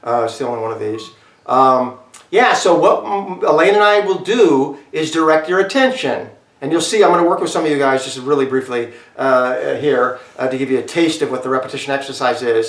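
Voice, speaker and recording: Animated man teaching an online acting class. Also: mid-range voice, brisk. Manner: animated, talks straight to students with many fillers. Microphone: video call. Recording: echoey room, mic far off.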